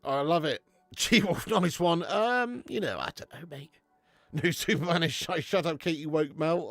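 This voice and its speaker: A young man with a gravelly, fry-edged voice hosts a live football stream and reads out the chat. His pitch jumps up and down as he talks, casually and with plenty of swearing. The recording is dry and close, with no room sound. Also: dry recording. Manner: swears freely, laughs often, calls viewers mate. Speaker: watch-along host reading live chat.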